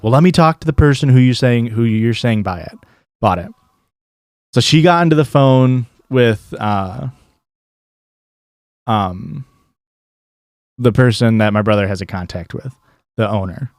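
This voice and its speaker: Male streamer, casual rambling storyteller, profane, medium pitch, dry close sound. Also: lively intonation, normal speed, long pauses, dry recording. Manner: rambling, profane, lots of likes and restarts.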